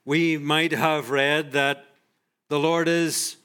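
A man preaching a sermon in a measured way, often letting his voice drop softly at the ends of phrases. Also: a little high, level tone, clear, resonant tone. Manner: slow, measured, drops soft at phrase ends.

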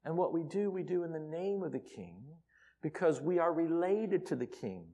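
A man preaching a sermon in a church, swinging from quiet asides to loud exclamations. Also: a little high, expressive, moderate pace. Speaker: pastor. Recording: reverberant hall.

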